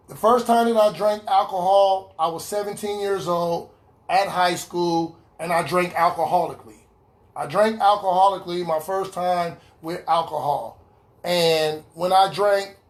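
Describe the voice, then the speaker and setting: Man, fairly high voice, earnest recovery testimony, repeats key lines, video call. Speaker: recovery speaker sharing his story. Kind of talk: personal testimony in an online meeting.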